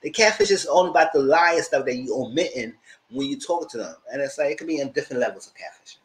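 Guy doing a chatty tv recap, pitch jumps all over, squeaky voices when he quotes folks. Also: quick pace, rough recording. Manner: animated storytelling, acting out quotes in a squealing high voice; loud laughs and shouted asides. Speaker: TV show reviewer. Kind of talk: casual recap commentary.

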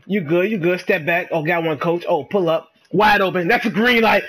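A man giving excitable, trash-talking commentary while he plays a game, dropping to low mutters and then bursting into shouts. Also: moderate pace, slightly rough. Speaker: gamer. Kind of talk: live gameplay commentary.

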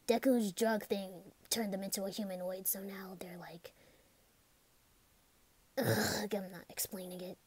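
A woman in a whispered role-play, speaking softly and hesitantly, often in a whisper. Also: medium pitch, flat delivery, moderate pace, slightly rough, no echo. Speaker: ASMR role-play performer.

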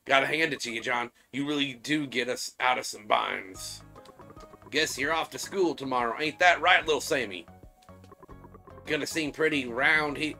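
A man's voice: mid-range voice, moderate pace, gravelly, pushed and bright, faint music behind. A man voicing a friendly Southern working man with a folksy, drawling Southern US accent. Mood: good-natured.

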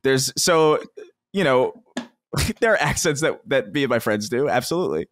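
A man's voice: mid-range voice, lively intonation, moderate pace, a bit bright. A man co-hosting a podcast in casual chat, rambling with many restarts and frequent laughs. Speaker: podcast co-host.

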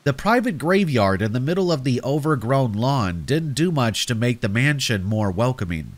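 A man narrating a scripted horror story in a slow, dramatic storytelling manner. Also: mid-range voice, a bit bright.

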